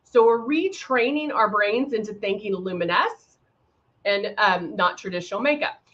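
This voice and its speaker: Woman, makeup livestream host, chatty, bright tense voice, dull lo-fi sound. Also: medium pitch, lively intonation, normal speed. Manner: chatty, greets viewers by name, frequent ums. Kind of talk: casual live tutorial chat.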